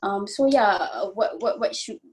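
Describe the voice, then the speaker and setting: A woman's voice: medium pitch, animated, normal speed, darkish tone. A young woman from Malaysia speaking as a panelist in an online forum, talking earnestly and casually with many fillers over a video call.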